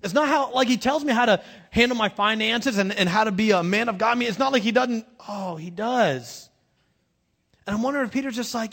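A man's voice: high-pitched, a little fast, fairly bright tone. A man pastor giving a conversational, self-deprecating sermon, dropping into slang and casual asides.

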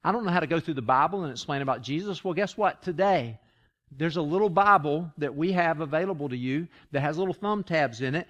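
A man preaching a sermon with a slightly high voice. He tells stories in a loose, conversational way, often stumbling and restarting. Then he builds to emphatic, repeated lines. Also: fairly bright tone. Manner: conversational storytelling, rising to emphatic repetition; frequent restarts and stammers. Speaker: pastor.

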